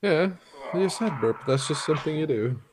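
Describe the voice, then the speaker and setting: A man chimes in with jokes during a loose podcast conversation. His voice sits a little high for a man. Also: lively intonation, normal speed, slight background noise. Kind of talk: casual chat.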